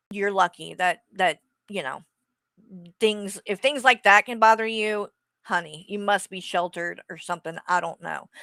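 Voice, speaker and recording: Woman host, blunt sarcastic rant, crisp bright tone, dead-dry sound. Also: mid-range voice, no room sound. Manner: blunt, sarcastic, swears freely. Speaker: streamer host. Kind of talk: casual rant to viewers.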